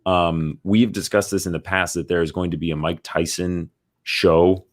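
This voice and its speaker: A very deep-voiced man co-hosting a movie podcast. He rambles in a loose, casual way, reading news items aloud and padding his sentences with ums and likes. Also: steady tone, moderate pace. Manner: rambling, reads out news articles with many fillers. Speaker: podcast co-host.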